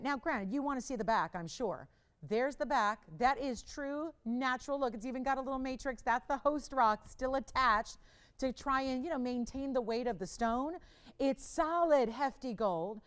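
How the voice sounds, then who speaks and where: A middle-aged woman hosts a live jewelry sale with a quick, chatty patter, pushing prices and joking with the crew off camera. Her voice sits a little high and comes through smooth and clear. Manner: chatty, bantering with crew, urgent sales patter. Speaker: jewelry shopping host. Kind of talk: live shopping sales pitch.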